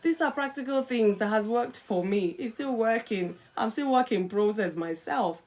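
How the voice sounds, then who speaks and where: A middle-aged woman hosting a live-stream talk on marriage, coaching listeners in an earnest, animated way. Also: a little high, moderate pace. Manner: animated, acts out quarrelling spouses in quotes. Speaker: host.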